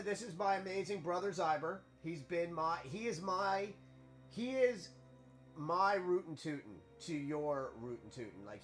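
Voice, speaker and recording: A man chats casually while streaming a game, rambling from thought to thought and stumbling over repeated words. His voice sits a little high, with faint game music under it. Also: a bit bright.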